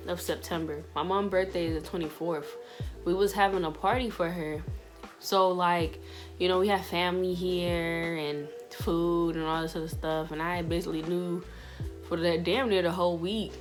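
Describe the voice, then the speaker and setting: Young woman vlogger, lowish voice, chatty and slangy, many fillers. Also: fairly even intonation, moderate pace, faint music behind. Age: young adult. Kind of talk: casual storytelling vlog.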